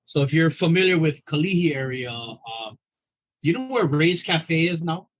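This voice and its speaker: A man from Oahu, telling stories as a podcast guest in a casual, profane, animated way. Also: fairly high pitch, moderate pace, poor audio. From Oahu, Hawaii. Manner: animated storyteller, profane, acts out dialogue. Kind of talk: casual chat.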